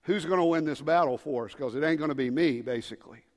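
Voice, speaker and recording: A preacher voicing a doubting king in a low, quiet, skeptical mutter. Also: fast talker, natural voice. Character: doubting ancient king, middle-aged man. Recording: long reverb of a large hall.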